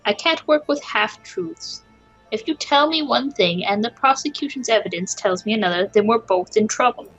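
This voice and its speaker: A woman's voice: fairly high pitch, lively intonation, moderate pace, fairly bright tone, breathy edge, soft background music, heavily acted, poor audio. A woman voicing a commanding bird lawyer. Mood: stern. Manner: formal, commanding legal bluster. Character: confident male bird defense attorney, bluffing. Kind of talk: voicing a visual novel let's play.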